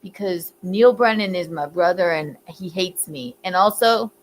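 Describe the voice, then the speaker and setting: A woman's voice: on the low side, a little slow, a little hiss or hum. A woman hosting a casual comedic commentary show, rambling and giggling as she talks, and swearing freely. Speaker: host.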